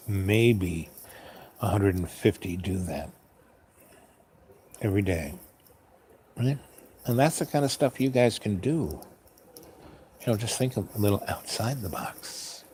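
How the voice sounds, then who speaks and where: A man with a lowish voice rambles through a casual solo talk as host. He drifts from point to point and muses aloud with plenty of restarts. Faint noise sits under him. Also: darkish tone. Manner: meandering, musing, asks himself questions.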